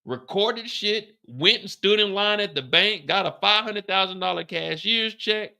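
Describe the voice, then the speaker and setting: Animated profane man recapping a show. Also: high-pitched, unhurried, creaky, smooth. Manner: animated, profane storytelling with acted-out quotes. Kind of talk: casual episode recap.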